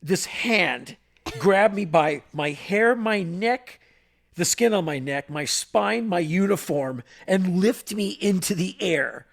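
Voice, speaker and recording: A man co-hosting a podcast, spinning a long story in an animated way. His voice is gravelly and pitched a little high for a man. He acts out the voices and sound effects as he goes. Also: slow. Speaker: podcast co-host. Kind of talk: storytelling in casual chat.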